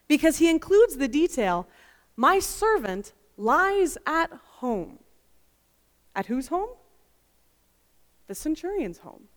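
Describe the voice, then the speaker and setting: A woman giving an expressive, emphatic Bible teaching full of rhetorical questions. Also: a little high. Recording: long reverb.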